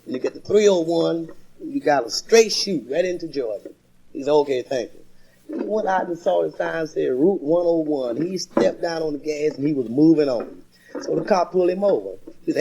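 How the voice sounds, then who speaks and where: A man's voice: on the high side, lively intonation, normal speed, vocal fry, crowd noise. A man doing a folksy stand-up comedy routine, telling stories and laughing at his own jokes. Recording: noisy vintage live recording.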